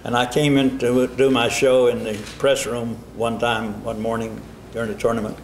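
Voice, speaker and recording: A man's voice: medium pitch, little pitch movement, moderate pace, a little hiss or hum. An older man interviewing a guest, recounting anecdotes casually with small restarts and hesitations. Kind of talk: casual reminiscing conversation. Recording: roomy archival interview recording.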